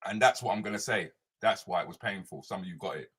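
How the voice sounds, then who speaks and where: A man's voice: low-pitched, fast talker, slightly rough. A man hosting a live stream as a comedian, chatting loosely and greeting viewers by name. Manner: animated, loose, slangy, talks straight to viewers by name.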